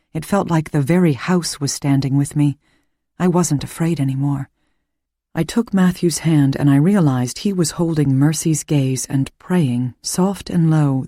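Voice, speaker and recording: A woman reading a first-person suspense audiobook in a measured, calm storytelling voice. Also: low-pitched, no echo, studio quality. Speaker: audiobook narrator.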